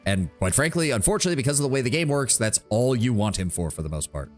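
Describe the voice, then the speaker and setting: A man's voice: medium pitch, sing-song, fast talker, faint music behind. A man streaming a video game, giving casual, offhand commentary with muttered asides.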